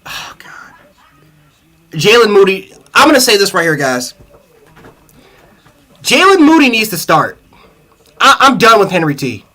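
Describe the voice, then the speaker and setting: A man hosts a sports livestream, furious after a loss and swearing through his rant. He stumbles over and repeats his words. His voice sits high with a bright, sharp edge. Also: sing-song, moderate pace, pauses often. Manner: angry, profane, repeats himself. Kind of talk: heated fan reaction rant.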